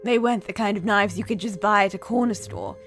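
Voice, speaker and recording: A woman reading a cold, calm young man who craves violence, in an even, measured voice while reading a game aloud. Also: mid-range voice, soft background music, natural voice.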